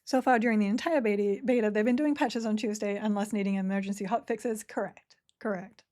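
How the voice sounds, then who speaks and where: A woman's voice: mid-range voice, steady tone, a little fast, a little mellow. A woman chatting casually and giggling as she streams a game and reads chat. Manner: chatty, giggly, self-mocking. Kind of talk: casual live-stream chat while playing.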